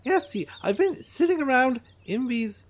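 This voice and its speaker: An excitable little alien chatters away in a high, fluttering voice, forever losing his words, as a man puts him on. The pitch swoops up and down. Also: normal speed, slight background noise. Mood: excited rambling. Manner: rambling, fussy, searching for words.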